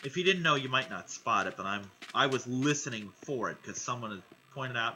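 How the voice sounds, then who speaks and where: A man's voice: mid-range voice, expressive, a little fast, pushed and bright, a little hiss or hum, rough recording. A man giving a casual, rambling and enthusiastic recap of a cartoon episode, peppered with swearing. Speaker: vlogger. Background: music playing.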